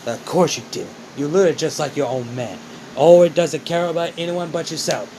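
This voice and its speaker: A man's voice: on the high side, a little fast, dark tone, slight background noise, natural voice, low-quality recording. A man voicing a stern villain mentor who mocks and scolds his former apprentice, calling him kiddo. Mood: scolding. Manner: mocking, scolding, calls the boy kiddo.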